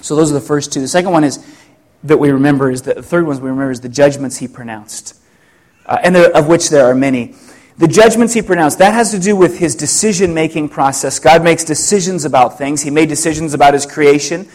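A middle-aged pastor preaching a sermon, reflective and full of rhetorical questions, with frequent restarts. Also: male voice, a little high, a little fast, darkish tone.

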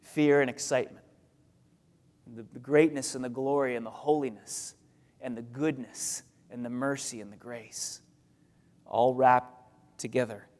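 A man's voice: mid-range voice, a little mellow. A man preaching an expository sermon to his congregation in a conversational way, repeating phrases for emphasis. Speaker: pastor. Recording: long reverb of a large hall.

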